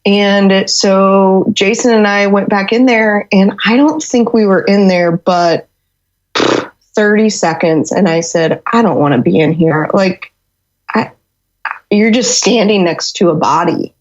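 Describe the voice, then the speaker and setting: A woman hosts a podcast and talks in a very slow, unhurried way. She comes across as a soft, supportive listener. The recording sounds dull and lo-fi. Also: mid-range voice. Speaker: podcast host. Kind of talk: casual podcast conversation.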